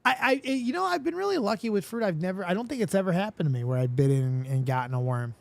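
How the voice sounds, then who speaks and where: A man hosting a live stream, chatting casually, reading viewer comments aloud and swearing freely in an animated way. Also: high-pitched, quick pace, gravelly, no echo. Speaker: livestream host.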